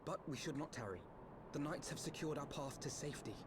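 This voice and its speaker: Guy voicing a serious game companion, proper formal talk, fairly high voice, noisy background. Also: a little fast, lightly acted. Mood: earnest. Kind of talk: video game voice acting.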